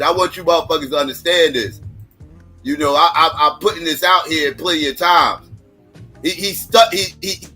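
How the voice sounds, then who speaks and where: Fiery high-voiced male stream host. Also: pushed and bright, husky. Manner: heated, blunt and repetitive, addressing viewers directly. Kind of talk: profane political commentary.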